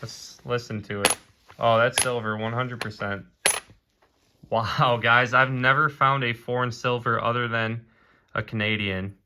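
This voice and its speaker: A man narrating his own coin hunting video in a casual, excited way, often calling out to viewers as "guys". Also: mid-range voice, measured pace. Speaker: coin roll hunting vlogger.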